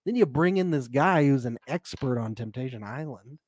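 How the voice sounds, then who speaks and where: Wry joking man, lively voice. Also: mid-range voice, moderate pace, no echo. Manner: joking, wry asides, laughs often. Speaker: podcast co-host. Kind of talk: casual chat recapping a reality show.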